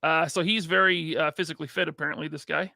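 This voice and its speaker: A man's voice: fairly high pitch, fairly even intonation, quick pace, gravelly, pushed and bright, no echo, studio quality. A male podcast host in casual live chat, joking and reading viewer comments aloud.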